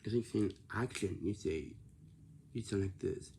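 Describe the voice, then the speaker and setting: A man's voice: fairly low pitch, a little slow, gravelly, warm tone, slight background noise. A man talking casually to camera, lecturing about lazy and rude behaviour and repeating himself often. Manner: repetitive, lecturing about manners.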